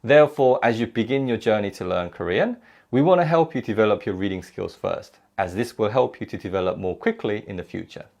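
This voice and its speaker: Gravelly, lively male language teacher. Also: fairly low pitch, dull audio. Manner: clear, measured explanation with spoken examples. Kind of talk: recorded lecture.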